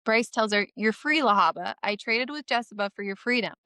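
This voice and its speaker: A woman with a fairly high, bright, ringing voice tells a book chapter back in her own words for a podcast. She swears freely and teeters on the edge of crying. The sound is dry and close, with no room around it. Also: brisk, clean tone, no echo. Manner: irreverent and swearing, often laughing through tears. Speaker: podcast co-host recapping chapters. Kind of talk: casual podcast recap, reading a comic chapter summary.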